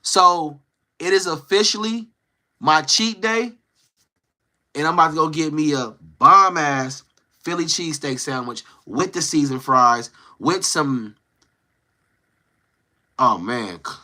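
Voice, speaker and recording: A man's voice: fairly high pitch, slow pace, pauses often, pushed and bright. A young man streaming live, casually chatting with his viewers and playfully teasing trolls in the chat. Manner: teasing, playful trash talk.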